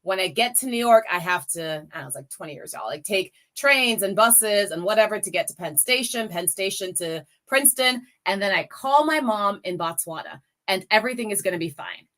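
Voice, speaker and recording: A woman's voice: mid-range voice, lively intonation, brisk, hardly any pauses, fairly bright tone. A woman in her forties, a guest speaker on a campaign call, telling a personal story with emotion and rallying her listeners directly. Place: lives in the US Midwest.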